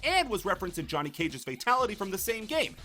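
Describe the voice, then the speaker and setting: A man's voice: high-pitched, very animated, quick pace, sharp tone, faint music behind. A man hosting a comedic video essay, narrating with sarcastic, jokey asides.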